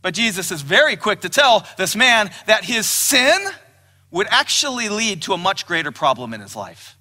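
In a church hall with lengthy reverb, a male pastor preaches at a moderate, sing-song pace in a high, bright voice. His sermon is emphatic, and he lifts his voice when quoting scripture.

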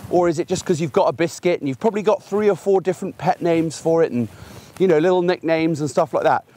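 A man's voice: on the high side, quick pace, warm tone. A middle-aged man, a gundog trainer, explaining puppy training outdoors in a chatty way, using everyday examples. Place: outdoors in a field by a fence.

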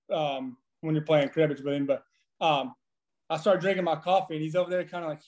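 A man in his thirties, a former pitcher guest on a podcast, telling profane, animated stories with frequent laughing. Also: a little fast. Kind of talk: casual storytelling.

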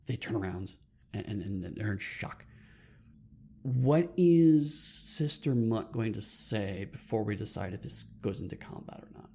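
A man's voice: lowish voice, expressive, unhurried, vocal fry, warm tone, husky. A man running a tabletop game as game master, narrating scenes and calling for rolls in a rambling way with frequent restarts.

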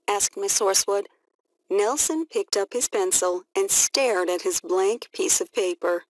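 A woman reading a children's story aloud and asking comprehension questions, in a clear storytelling manner. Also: mid-range voice, unhurried, dry recording. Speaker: reading teacher.

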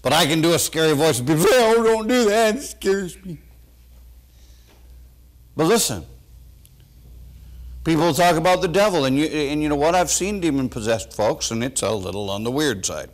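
A pastor preaching a sermon to his congregation, folksy and animated, swinging between loud bursts and quiet asides. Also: fairly high pitch, a little fast. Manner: folksy, talks straight to the congregation.

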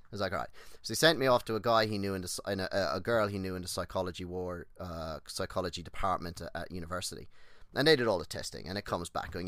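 A man with a lowish voice talking as a podcast guest, recorded close and dry with no room sound. He tells long personal stories in a loose, rambling way, swears freely and slips into the voices of people he quotes. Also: quick pace, fairly bright tone, no room sound. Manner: rambling, restarts and goes on tangents. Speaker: podcast guest, exercise physiologist. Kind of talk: casual podcast chat, personal storytelling.

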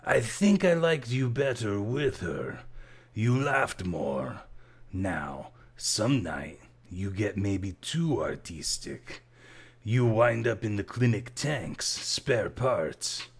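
A man's voice: on the low side, lively intonation, slow pace, husky, pitched above the performer's own voice, exaggerated voice. A man voicing an ugly old male bartender who grunts and teases in broken English. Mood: needling.

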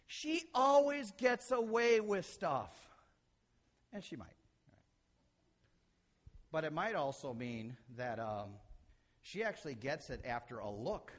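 Lively, animated male pastor preaching. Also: on the high side. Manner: animated, acts out quotes and shifts loud to soft. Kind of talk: sermon.

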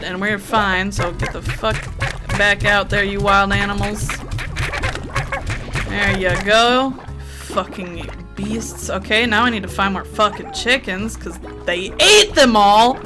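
Woman let's player, higher voice, loud cursing and scolding commentary over game music. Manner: excitable, heavily profane, scolding game creatures. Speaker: let's play gamer. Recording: game music playing underneath.

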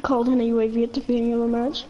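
A young woman chatting casually with a friend while playing a shooter game, making quick remarks on the match. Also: a little high, flat delivery, dull audio, crowd noise. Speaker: gamer friend on stream. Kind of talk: casual gameplay chat.

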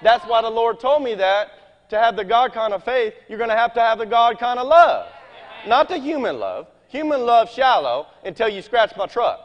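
A man preaching a sermon in a folksy, animated way, reading scripture aloud and talking straight to his congregation. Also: very high voice, moderate pace, in a large hall, dull audio. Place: church meeting hall.

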